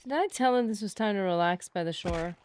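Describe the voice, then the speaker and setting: A woman streamer chatting through a live game session, talking straight to her viewers in a playful, running commentary. Her voice sits at an everyday middle pitch. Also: fairly quick, a little mellow, no echo. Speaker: gaming streamer. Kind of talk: casual live gameplay commentary.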